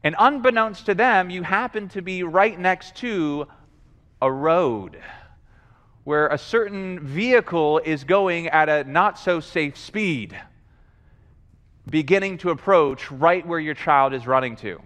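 A man preaching a sermon in a lively, animated way, acting out voices and repeating himself as he builds a point. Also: a little high, slow. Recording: long hall reverb.

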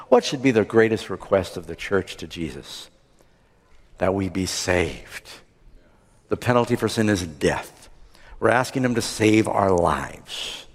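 A man preaching a sermon, retelling a Bible story and acting out the characters' lines with lively swings in pitch. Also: unhurried. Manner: acts out the characters' lines with rising animated pitch. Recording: long hall reverb.

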